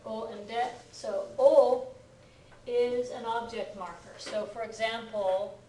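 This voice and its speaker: A woman's voice: a little high, fairly even intonation, takes it slowly, warm tone, a little hiss or hum. A woman teaching a grammar lesson in a classroom, patiently checking that the class follows with frequent "right?" and "okay?". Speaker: Japanese language teacher. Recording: echoey classroom from far off.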